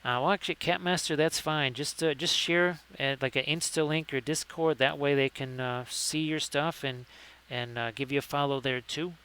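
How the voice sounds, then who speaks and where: A man's voice: a little high, steady tone, normal speed, pushed and bright, clean tone. A man hosting a casual live painting stream, chatty and jokey with lots of fillers as he greets viewers.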